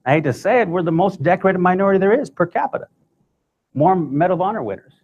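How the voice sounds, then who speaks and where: A man's voice: high voice, animated, fast talker, darkish tone, lo-fi sound. Conversational man telling stories with jokes. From United States. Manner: conversational, joking asides. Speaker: guest speaker. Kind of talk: comic storytelling talk.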